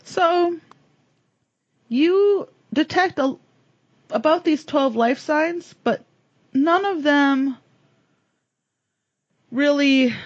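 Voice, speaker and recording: A woman running a tabletop game as game master, narrating with hesitant pauses as she searches for words, on a dull lo-fi recording. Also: high-pitched, no echo.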